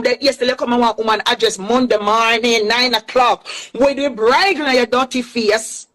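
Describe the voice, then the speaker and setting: A woman's voice: a little high, a little fast, few pauses, fairly bright tone, rough recording. A woman from Clarendon with a Jamaican accent, delivering a heated, defiant social media rant and repeating herself for emphasis. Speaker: accused woman responding.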